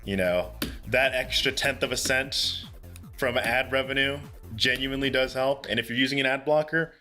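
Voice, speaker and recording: A young man talking to his live-stream audience in a loose, earnest, chatty way, quick to laugh and quick to swear. His voice sits at an ordinary middle pitch for a man. Faint game music runs underneath. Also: pushed and bright. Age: young adult. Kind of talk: casual live-stream chat with viewers.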